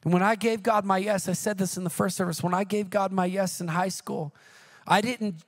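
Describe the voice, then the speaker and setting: High-voiced animated male preacher. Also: a little fast. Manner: animated storytelling, jumps into shouted quoted cries. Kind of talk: sermon.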